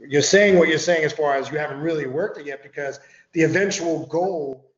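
A man's voice: on the high side, brisk, reverberant, dull audio. A man explaining occult ideas in casual talk, rambling with restarts and the odd curse word. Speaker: occult author guest.

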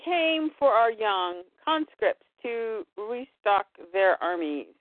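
A woman's voice: mid-range voice, very animated, slow, no echo. A woman voicing a grieving alien father in a solemn read-aloud manner. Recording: phone-like dry line.

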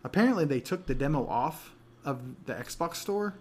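A man's voice: on the high side, lively intonation, normal speed, a little mellow, slightly rough. A man co-hosting a casual gaming podcast, rambling with many restarts and frequent laughs. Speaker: podcast co-host.

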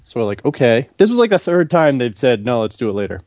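A man co-hosting a podcast, telling a long story in casual chat, animated and swearing freely as he acts out what others said. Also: mid-range voice, quick pace, no room sound. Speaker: podcast co-host.

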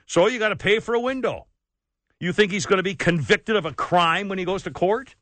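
A man's voice: sits high, fairly quick, a bit bright, dry recording. A man hosting a talk radio show, ranting in an exasperated, worked-up way and saying he is sweating. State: sweating, overheated. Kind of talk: opinionated talk radio rant.

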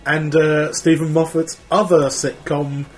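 A man's voice: on the high side, level tone, unhurried, soft background music. A man co-hosting a podcast, telling rambling, wry anecdotes in casual chat. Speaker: podcast co-host.

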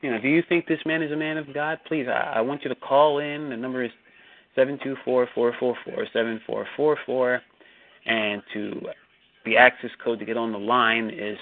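A man's voice: medium pitch, fairly even intonation, moderate pace. A man hosting a call-in show, talking casually with many restarts and growing indignation. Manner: hesitant, repeats words, indignant. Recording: tinny phone-line audio.

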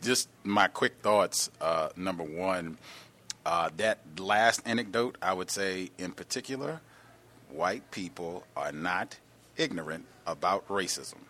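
Low husky male talk-show host. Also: unhurried, pushed and bright. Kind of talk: call-in radio commentary.

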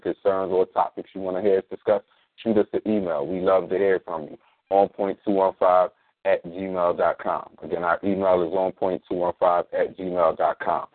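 A man hosting a casual talk radio show, plugging events in a relaxed, slangy way. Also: low-pitched, no echo. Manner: laid-back slangy promos, spells things out slowly. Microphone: sits in a squeaky reclining chair. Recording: dry tinny phone-like line.

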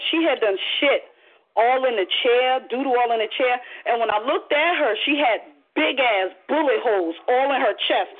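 A high-voiced woman with a husky edge tells a story casually over a muffled phone line. She is animated and profane and acts out the voices of the people in her tale. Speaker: caller.

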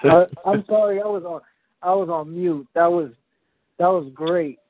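A man's voice: high voice, moderate pace, no room sound. A man chatting casually on a call, stumbling a bit over his words. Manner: stumbling, apologetic. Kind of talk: casual chat. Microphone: video call. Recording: dry phone-like call line.

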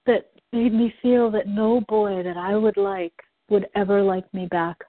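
A woman's voice: medium pitch, fairly even intonation, measured pace, no room sound. Reflective woman repeating phrases on a thin line. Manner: soft, reflective, repeats lines back. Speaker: client in a therapy session. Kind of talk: repeating phrases in a guided session. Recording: thin phone-like audio, dry.

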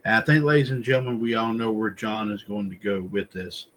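Hosting a wrestling news podcast, a man with a fairly low, fairly bright voice talks briskly and casually, rambling, circling back with filler phrases and calling his audience folks. The audio quality is poor.

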